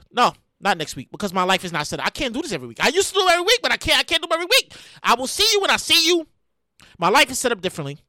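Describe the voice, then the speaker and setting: A man hosting his own solo podcast from his room at home, talking into a podcast microphone, excitable and rambling, often breaking into shouts. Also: high voice, no room sound. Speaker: podcast host.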